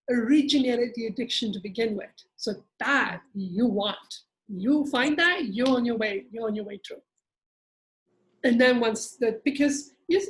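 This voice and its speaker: A woman's voice: high voice, low-quality recording. A woman leading a group therapy session, coaching members in a direct, emphatic way.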